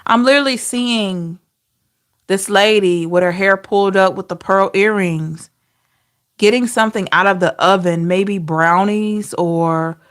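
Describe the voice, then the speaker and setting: A woman's voice: medium pitch, clear, resonant tone. A woman giving an intuitive tarot reading, emotional and talking straight to her viewers. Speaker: tarot reader.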